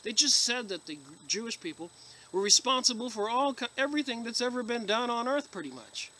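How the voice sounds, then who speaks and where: An American video blogger reviewing books reads passages aloud and comments on them emphatically and emotionally. His voice is extremely high-pitched, bright, and forceful, with a brisk, animated delivery.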